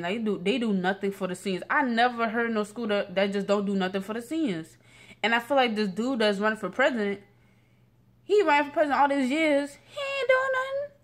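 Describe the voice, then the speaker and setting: Sitting at home late at night, a late-teen girl vlogger with a mid-range voice rants loosely into her phone camera. Her rambling talk is full of slang, restarts and fillers.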